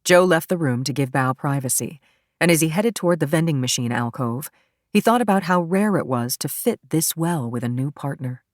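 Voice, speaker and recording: Woman narrator for a thriller audiobook, very low voice, dry close sound, steady. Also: normal speed, no echo. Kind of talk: scripted narration.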